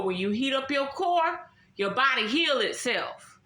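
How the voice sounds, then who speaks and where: She speaks high-pitched with lively intonation, a measured pace, and a bright, forceful tone. This astrology vlogger's casual rant is profane throughout, blunt, emphatic and repetitive, and the recording carries a roomy echo.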